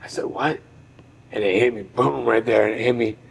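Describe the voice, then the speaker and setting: Gravelly middle-aged man, earnest storytelling. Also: medium pitch, fairly even intonation, quick pace, slight background noise, rough recording. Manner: earnest, heartfelt, reflective. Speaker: podcast guest, former boxer. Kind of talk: personal storytelling in conversation.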